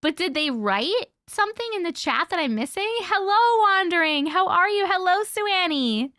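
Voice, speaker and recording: A woman's voice: very high voice, animated, moderate pace, bright, forceful tone, no echo, studio quality. A woman hosting a casual livestream, chatting and greeting viewers by name in a bubbly way. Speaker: livestream host. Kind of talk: casual livestream chat reading comments.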